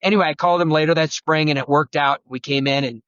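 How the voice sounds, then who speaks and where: Guest man, higher-pitched and animated, talks in rambling stories on a dull, dry lo-fi track. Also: quick pace, dry recording. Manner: animated, rambling, acts out quotes. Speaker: guest turkey hunting expert. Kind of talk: storytelling conversation.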